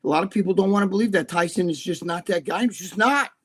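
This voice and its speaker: A middle-aged man talks in a fairly high voice, rambling through stories full of profanity. He sounds like a co-host on a loose, casual live-stream chat. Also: fast, a little hiss or hum.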